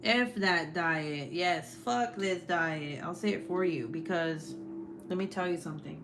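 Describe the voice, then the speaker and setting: A woman around thirty hosting a casual live stream, talking loudly with plenty of swearing and laughter. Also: on the low side, measured pace, music in the background. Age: 30s. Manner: loud and profane, laughing often. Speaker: host.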